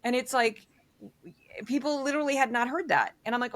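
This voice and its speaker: A woman political commentator talking in a casual, animated way, acting out quotes and laughing often. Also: fairly high pitch, fairly quick. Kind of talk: casual conversation.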